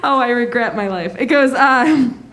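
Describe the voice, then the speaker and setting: A woman, performing a self-mocking stand-up comedy set in an animated way on a comedy club stage. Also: a little high, normal speed, a crowd in the background. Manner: animated, self-mocking, laughing through lines.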